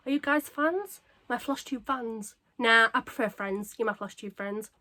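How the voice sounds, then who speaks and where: A woman chatting casually to camera as a craft vlogger, bubbly and self-mocking, her voice a little croaky. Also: on the high side, normal speed. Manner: bubbly, excitable and self-deprecating. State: slightly croaky.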